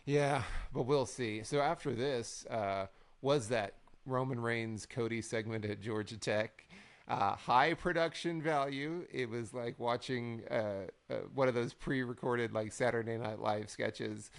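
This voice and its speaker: A man's voice: medium pitch, unhurried. A man co-hosting a wrestling recap podcast in casual chat, wry and rambling, often quoting others in a mock-dramatic way. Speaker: podcast co-host.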